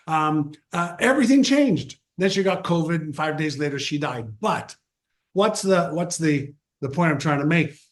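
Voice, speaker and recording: A man in his sixties, a guest on an interview show, telling a story in a lively conversational way and acting out the quotes. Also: a little high, normal speed. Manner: animated, acts out quotes. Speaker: guest, mindset author.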